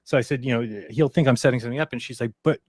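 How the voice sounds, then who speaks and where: A man tells a long, rambling story at a quick clip, jumping in and out of quoted voices. His voice sits at an ordinary pitch. The sound is dry and close. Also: a little mellow, breathy edge, no room sound. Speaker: podcast co-host. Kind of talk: casual storytelling chat.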